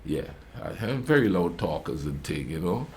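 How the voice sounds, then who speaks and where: Male reaction host, low mellow tone, laid-back rambling storyteller. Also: big pitch swings, normal speed, a little hiss or hum. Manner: rambling anecdotes, frequent "you know what I mean"; calls himself a quiet talker. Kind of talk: casual storytelling commentary.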